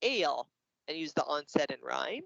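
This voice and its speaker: A Canadian man with a slightly high voice walks other teachers through classroom activities, acting out little scenes as he goes. The call audio is dry and dull, with a lo-fi edge. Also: fairly quick, no room sound. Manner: lively, acts out classroom examples. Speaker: teacher presenting to educators. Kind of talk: explanatory workshop presentation.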